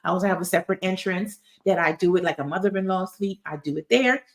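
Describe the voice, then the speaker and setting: A woman's voice: fairly low pitch, fast. A woman talks through business advice in a casual, chatty way. She is emphatic and loves a storytelling aside, leaning on key points to drive them home. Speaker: tax resolution expert. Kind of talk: casual advice talk to camera.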